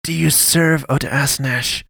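A cold, inhuman pastoress who looks like a girl, as a male narrator puts her on. She growls short, demanding questions in a voice lifted above his usual low one, with a gravelly edge. The sound is dry and close. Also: steady tone, unhurried, pushed and bright, no echo, exaggerated voice.

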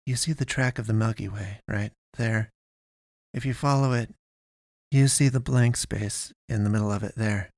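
Male reader as a deadpan young woman guide, terse, slow, dry close read. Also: fairly low pitch, vocal fry, no room sound. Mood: cold. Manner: flat, curt, slow and firm.

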